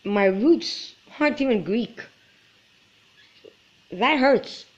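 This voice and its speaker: A woman's voice: fairly high pitch, lively intonation, slow pace, lo-fi sound. A woman in her forties from Quebec, speaking earnestly and with emotion in a personal vlog to camera. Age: 40s. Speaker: vlogger.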